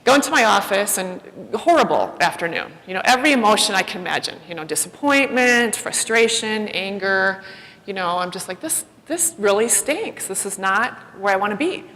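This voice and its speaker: A woman giving a personal storytelling talk as a keynote speaker, animated and self-deprecating, acting out the voices she quotes. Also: mid-range voice, moderate pace. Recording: long hall reverb.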